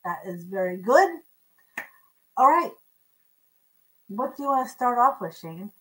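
A woman's voice: on the high side, expressive, measured pace, a bit bright, poor audio. A woman co-hosting a live online auction, chatting casually as she describes vintage pieces and stumbles over names. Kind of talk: casual live-stream selling chat.

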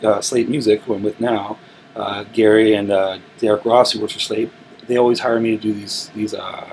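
A man's voice: on the low side, normal speed, creaky, a little hiss or hum, poor audio. A male musician in a studio interview, telling rambling stories with lots of restarts. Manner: relaxed, rambling storytelling with frequent restarts. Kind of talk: casual interview talk. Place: recording studio.

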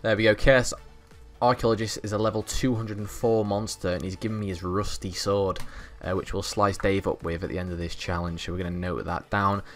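A man's voice: low-pitched, flat delivery, a little fast, faint music behind. A young man, host of a gaming channel, giving cocky, boastful gameplay commentary full of banter and swearing.

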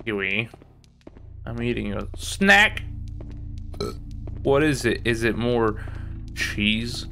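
Slow-talking, swearing male game streamer. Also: medium pitch, big pitch swings, gravelly, pushed and bright, soft background music. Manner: profane, swears freely; reads on-screen game text aloud. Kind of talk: live gameplay commentary.

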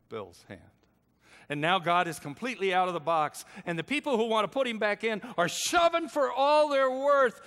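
Older preacher guy telling bible stories, kinda high voice, goes quiet then loud, big echoey hall. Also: smooth. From United States. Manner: dramatic, swinging between hushed and loud. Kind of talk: narrative sermon storytelling.

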